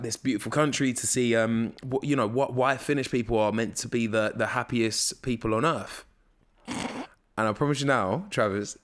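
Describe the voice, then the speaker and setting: A young man with a South London accent, chatting as a podcast guest and acting out the people in his stories. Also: medium pitch. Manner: animated storyteller, acts out dialogue. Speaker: radio presenter, guest. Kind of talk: casual podcast chat.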